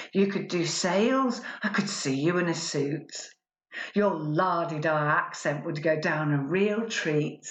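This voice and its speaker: In a muffled recording from an echoey room, a woman with a low voice performs a spoken word poem. She plays a pampered newlywed imagining being poor, sounding sardonic and mock-cheerful.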